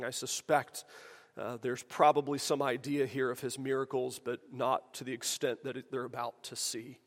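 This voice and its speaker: A man's voice: mid-range voice, flat delivery, moderate pace. A man preaching a sermon in a conversational way, asking the room rhetorical questions. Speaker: pastor. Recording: long hall reverb.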